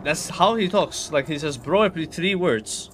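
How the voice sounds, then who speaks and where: A man streams a raid and chats loosely with his group, cursing freely and peppering everything with "bro." His voice sits a little high for a man. A faint hiss runs under the recording. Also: lively intonation, normal speed, a bit bright. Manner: chatty, says bro constantly, swears. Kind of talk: casual gaming chat.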